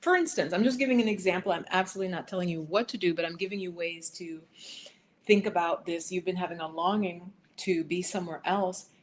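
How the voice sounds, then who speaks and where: A woman hosting a livestream, chatting with viewers and reading cards for them, sometimes dropping to a soft whisper while she shuffles. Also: on the low side, brisk, a little hiss or hum. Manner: chatty, riffing, addresses viewers by name. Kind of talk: casual live chat with tarot readings. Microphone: headphones.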